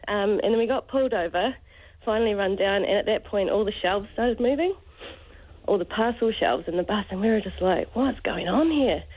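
A woman's voice: medium pitch, a little fast. A woman calling in to radio over the phone, telling a travel story in a rambling, hesitant way. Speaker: caller. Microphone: phone line. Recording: tinny phone line.

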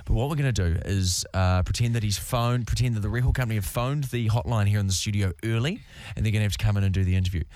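A man's voice: on the low side, fast, few pauses, darkish tone, no room sound. A man hosting a radio show in casual, jokey banter full of puns. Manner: jokey, punning. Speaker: radio host.

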